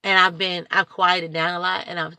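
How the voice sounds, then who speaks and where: A woman who volunteers at a church food pantry, talking to camera in a chatty, excitable, rambling way. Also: on the low side, normal speed, clear, resonant tone, no room sound. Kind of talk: casual talk to camera.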